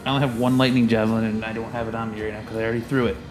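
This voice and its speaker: A man's voice: fairly low pitch, flat delivery, racing, low-quality recording. Man player, music playing behind. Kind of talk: casual tabletop play.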